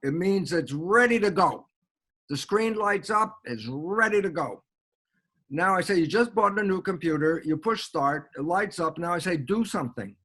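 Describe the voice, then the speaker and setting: A man's voice: sits high, normal speed. An American man, a guest biologist, explaining ideas in an interview and acting out little back-and-forth dialogues as he goes. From United States. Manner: animated, acts out little dialogues.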